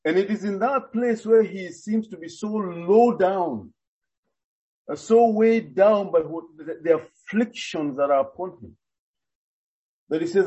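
A man delivers a sermon at an unhurried pace, his voice sitting high but sounding warm. He works through the passage earnestly and deliberately, often hesitating and restarting. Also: muffled recording. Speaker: preacher.

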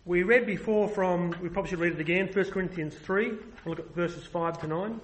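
A man's voice: high-pitched, brisk, a little hiss or hum, poor audio. A man preaching a sermon, earnest and emphatic, often restarting his phrases.

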